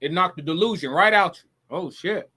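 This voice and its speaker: A man's voice: sits high, normal speed, pushed and bright, slightly rough. A man hosting a live show, reacting to clips with blunt, profane, mocking commentary and frequent restarts.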